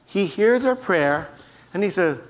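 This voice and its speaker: A man's voice: sits high, unhurried. A man preaching a sermon to a church congregation, telling stories and acting out the voices of the people in them. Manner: animated storyteller, acts out voices in quotes. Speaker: pastor. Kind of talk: sermon with storytelling.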